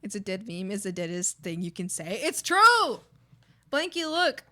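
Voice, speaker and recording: A woman's voice: mid-range voice, moderate pace, dry recording, clean studio sound. A woman in her thirties chatting casually and playfully while drawing on a stream, laughing often. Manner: giggly, playful, animated.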